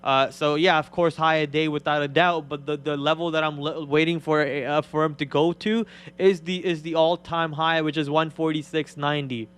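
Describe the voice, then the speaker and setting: A man's voice: a little high, fairly even intonation, moderate pace, fairly bright tone, clear, resonant tone. A man hosting a live stock trading stream, talking in a rambling way with many fillers and repeated words. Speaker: stock trading show host.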